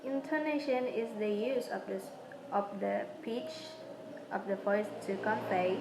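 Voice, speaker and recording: Against a noisy background, a young Indonesian-speaking woman reads out answers she prepared for an exam. Her medium-pitched voice moves in brief, faltering bits and frequently trips over words.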